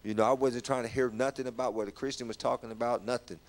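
Man, mid-pitch, giving a halting testimony, repeats himself, lifts his voice when moved. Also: fairly even intonation. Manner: halting, repeats words, rises when stirred. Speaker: guest sharing testimony. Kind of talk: personal testimony in church talk.

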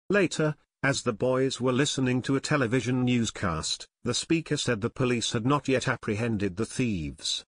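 A man narrating an unabridged youth mystery audiobook in an even reading. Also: mid-range voice, normal speed, hardly any pauses, dry recording, studio quality. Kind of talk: scripted narration.

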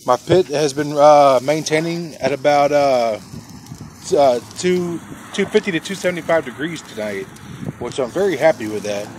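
A man with a fairly high voice chats through a backyard barbecue vlog in a relaxed, folksy way, calling his viewers folks. He talks outdoors beside his smoker, with faint noise around him. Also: moderate pace. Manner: folksy, chatty, addresses viewers as folks and y'all. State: coughing from pepper rub. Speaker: barbecue channel host. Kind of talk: casual cooking vlog.

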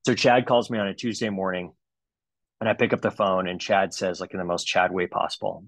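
A man's voice: low voice, fairly even intonation, a little fast, no room sound, low-quality recording. A man in his forties, a dentist, giving a comedic webinar talk with playful, exaggerated storytelling. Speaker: dentist presenter.

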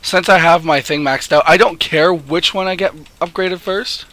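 A young man giving casual, excitable commentary while he plays a video game at home. He swears freely and calls out to his teammates. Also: fairly high pitch, normal speed, no echo. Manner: excitable, swearing, laughing, talking to teammates on screen. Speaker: gamer streaming gameplay. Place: home, early morning, no camera.

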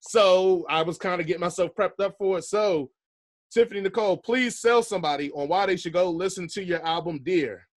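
A man hosting a podcast in relaxed, slangy casual chat, laughing often. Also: high-pitched, fairly quick. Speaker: podcast host.

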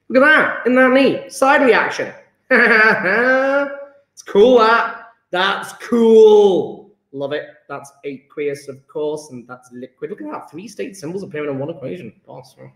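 A man's voice: high-pitched, fairly bright tone. Male chemistry teacher, emphatic and enthusiastic, echoey room. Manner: enthusiastic, emphatic, calls on students by name. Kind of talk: live online lesson with students.

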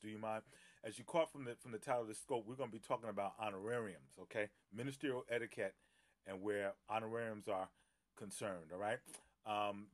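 Chatty pastor greeting his live-stream viewers. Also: medium pitch. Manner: chatty, greets viewers by name, many fillers and laughs. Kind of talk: casual live-stream chat before a Bible teaching. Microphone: phone live stream.

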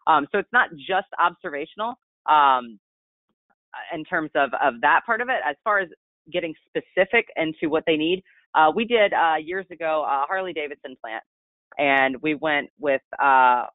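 A man giving a casual, rambling product training talk over a conference call, in a delivery he calls monotone. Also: fairly high pitch, normal speed, no room sound. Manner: chatty, rambling, self-described monotone. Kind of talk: casual webinar presentation. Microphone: conference call line. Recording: tinny phone line, dry.

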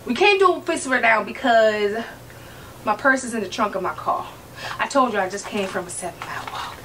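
A woman's voice: on the high side, a bit bright, far from the mic, slight background noise, low-quality recording. Sassy, chatty woman vlogger. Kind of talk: casual chat to camera.

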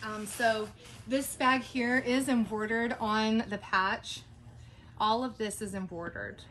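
A woman from the Arkansas Ozarks with a regional accent, hosting a live shopping stream. Her voice sits a little high, and she talks in a chatty, friendly way, pointing out details of each bag. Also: steady tone, slow pace, fairly bright tone, a little hiss or hum. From Boston Mountains of the Ozarks, Arkansas. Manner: chatty, laughs often while showing products. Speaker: live-stream shop host.

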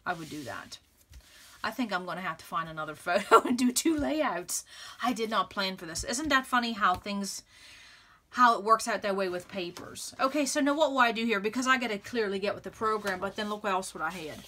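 A woman hosting a scrapbooking video, chatting excitedly and thinking aloud as she arranges papers, laughing often. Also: medium pitch, a little fast. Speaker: scrapbooking channel host. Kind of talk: casual crafting tutorial chat.

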